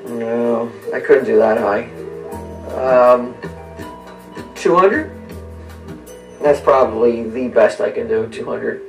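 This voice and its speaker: Male haggler, gravelly; recorded far from the mic over guitar music. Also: medium pitch, slow, long pauses, roomy sound. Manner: bargaining.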